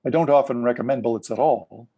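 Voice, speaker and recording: A man who is a guest on an interview show, explaining ideas and telling stories in a lively, explanatory way. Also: medium pitch, fast, husky. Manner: animated, explanatory, with laughs. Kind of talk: casual interview storytelling.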